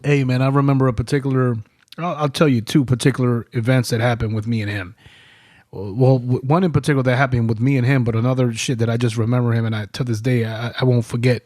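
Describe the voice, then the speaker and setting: Male podcast host, animated profane storyteller, dry studio sound. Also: mid-range voice, fast talker, dry recording. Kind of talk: casual chat.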